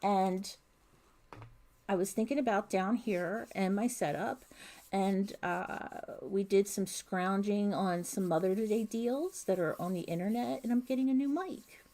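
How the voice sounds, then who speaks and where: A middle-aged woman chats through a home crochet livestream, reading viewer comments aloud. She talks slowly and easily, her voice mellow and soft-edged. A plain desk mic picks her up at home. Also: mid-range voice. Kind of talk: casual livestream chat. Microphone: desk mic picking up room sounds.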